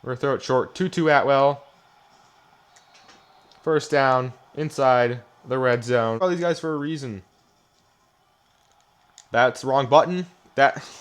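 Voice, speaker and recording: A young man talks over his football video game as he plays it, mid-pitched and casual. He complains and rants a lot, and his voice swings from low grumbling to loud outbursts. He records on a desk mic. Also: unhurried, pauses often, smooth. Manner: frustrated, ranting, swings between muttering and yelling. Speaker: gaming YouTuber. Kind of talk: live gameplay commentary. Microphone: desk microphone.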